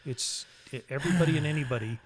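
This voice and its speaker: A man's voice: fairly high pitch, fast talker, slightly rough. Matter-of-fact male podcast co-host. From Utah, United States. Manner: matter-of-fact, explaining in long runs. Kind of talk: casual political chat.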